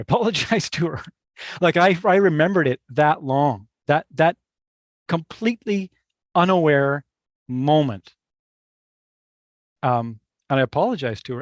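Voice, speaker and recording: Reflective middle-aged man, fairly high voice. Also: no room sound, studio quality. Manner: reflective, halting, with restarts and frequent asides to the listener. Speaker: meditation teacher. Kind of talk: personal storytelling in a workshop talk.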